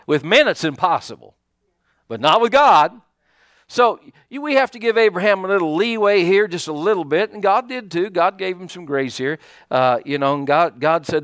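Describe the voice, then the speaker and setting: Male pastor preaching, fairly high and very lively delivery, folksy with lots of fillers, dry close sound. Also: moderate pace, no room sound. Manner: folksy, animated preaching with many fillers and restarts. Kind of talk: sermon.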